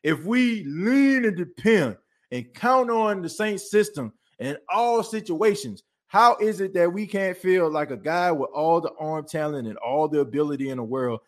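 A podcast host in a fired-up sports talk rant, animated and preachy, calling his listeners folks. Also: a little high, moderate pace.

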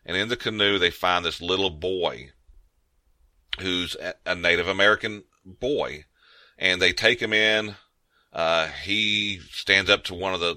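A man's voice: low voice, bright, forceful tone, no room sound. A man co-hosting a podcast in casual chat, rambling with frequent restarts. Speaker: podcast co-host.

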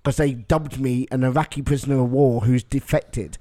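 A man's voice: medium pitch, steady tone, normal speed, warm tone, dry recording, studio quality. A man in his fifties, co-hosting a podcast, teasing and laughing through his stories. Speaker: podcast co-host. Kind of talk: casual banter.

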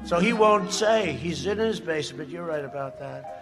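A man giving a campaign rally speech, rambling and sarcastic, often shouting his points. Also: fairly high pitch, lively intonation, moderate pace, music in the background. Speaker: political speaker at a rally. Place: large outdoor rally.

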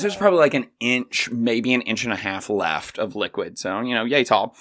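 A man's voice: mid-range voice, fairly quick, few pauses, fairly bright tone. A young Southern man spins rambling party stories with a joking, easygoing drawl. He talks as a guest in a loose, chatty conversation. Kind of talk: casual chat.

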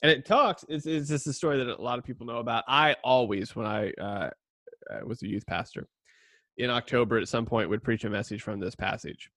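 A chatty male podcast host and former youth pastor, rambling with plenty of fillers and self-mocking jokes. He sits close to a cheap budget mic in a dry, deadened space with no room echo. His voice has a middling pitch. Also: fairly quick, a bit bright. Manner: rambling, self-deprecating, many fillers and laughs. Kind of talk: casual chat and scripture reading.

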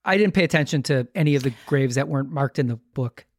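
A woman co-hosting a podcast, chatting casually and tossing in quick quips. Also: a bass voice, no room sound, clean studio sound. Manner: laughs often, quick quips. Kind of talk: casual chat.

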